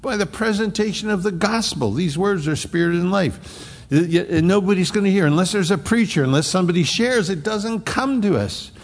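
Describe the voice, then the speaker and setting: Gravelly-voiced male preacher in a reverberant hall. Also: fairly quick. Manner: swings between emphatic outbursts and hushed, low asides. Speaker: pastor. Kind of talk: sermon. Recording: long reverb of a large hall.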